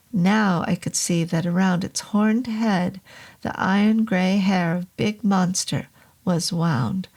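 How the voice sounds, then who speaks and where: A woman narrating a horror novel in a slow, measured reading. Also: on the low side, a little mellow.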